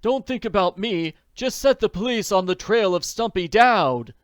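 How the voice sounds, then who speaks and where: A man's voice: high-pitched, normal speed, no room sound, studio quality, pitched above the performer's own voice, natural voice. A man reading an audiobook, voicing an ailing, distressed middle-aged man in a pleading, overwrought manner. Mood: distraught. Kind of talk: audiobook character voice.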